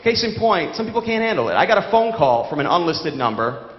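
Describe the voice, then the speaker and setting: Performing a stand-up set on a big theater stage, this New Yorker tells stories in a dry, sardonic deadpan, his voice on the high side and his pace brisk. The sound is lo-fi and dull, with the hall's echo clearly audible.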